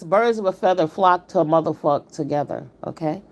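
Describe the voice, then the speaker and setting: A woman's voice: lowish voice, fairly quick, darkish tone. A woman hosting a live stream, giving blunt, emphatic and profane commentary while greeting her viewers. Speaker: livestream commentator.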